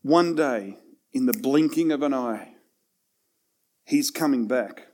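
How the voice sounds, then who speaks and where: A man preaching a sermon in a conversational way, with self-deprecating asides, swinging between loud and hushed passages. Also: medium pitch, slow pace. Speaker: pastor.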